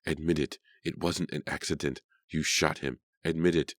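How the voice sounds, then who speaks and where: A man's voice: a bass voice, fairly even intonation, normal speed, a bit bright, dry recording, clean studio sound. A man voicing a stern older man who talks firmly and demandingly. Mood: angry. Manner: demanding, firm.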